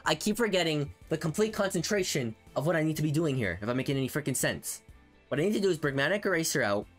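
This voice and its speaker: A young man streaming a video game, ranting angrily about a stage and swinging from low muttering to loud outbursts. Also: animated, quick pace, faint music behind. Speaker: gaming streamer. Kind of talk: frustrated live gameplay commentary.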